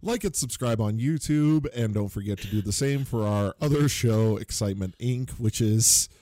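A man co-hosting a podcast in casual chat, laid-back and quick to laugh. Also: on the low side, dark tone, no room sound. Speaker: podcast co-host.

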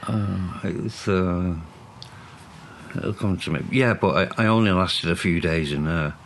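A man's voice: sits low, unhurried, fairly bright tone, slight background noise. A middle-aged man, bluntly telling his story with swearing and laughter. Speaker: co-host. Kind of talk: candid conversational podcast.

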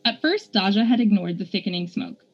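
A woman's voice: medium pitch, animated, brisk, slightly rough, lo-fi sound, soft background music. Woman reading a story aloud. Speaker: podcast host and reader.

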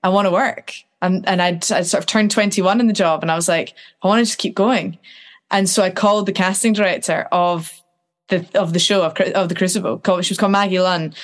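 A woman's voice: on the low side, fairly quick. A woman in her twenties telling stories from her life in a casual interview, acting out what people said. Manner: animated, acts out quotes. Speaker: guest. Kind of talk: casual storytelling.

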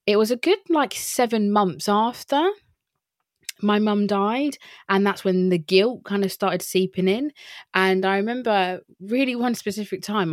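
A woman's voice: mid-range voice, no room sound, studio quality. A woman hosting a podcast in a casual monologue, candid, swearing freely and laughing often. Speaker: podcast host.

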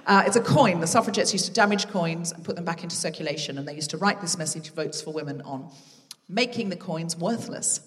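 A woman hosting a live comedy podcast, chatting and teasing the audience from a theatre stage with quick asides. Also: lowish voice. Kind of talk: live stand-up crowd work. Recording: live theatre recording with long reverb.

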